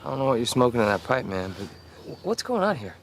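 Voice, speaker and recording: Exasperated, impatient man, lively, rapid delivery. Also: medium pitch, slight background noise. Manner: fast and exasperated.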